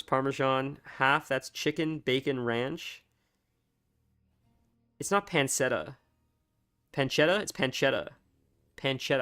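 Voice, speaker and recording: A male gaming streamer casually rambles to his live viewers, using many filler words and restarting his thoughts. He has a medium pitch that comes across a bit bright.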